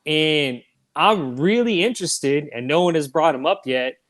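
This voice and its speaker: A man's voice: on the high side, animated, a little slow, a bit bright. A man co-hosting a sports podcast, making his case emphatically and repeating points for stress. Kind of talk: casual sports debate.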